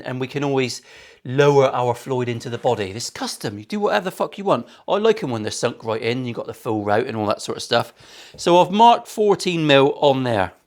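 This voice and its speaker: A man building a guitar in his workshop, talking casually to camera with cheeky banter, plenty of swearing and jokey asides. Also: a little high. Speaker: luthier.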